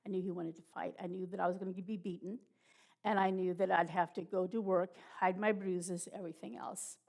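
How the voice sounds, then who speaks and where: A middle-aged woman giving a personal testimony at church, halting and emotional, with many pauses and restarts. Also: fairly low pitch, level tone, gravelly, darkish tone.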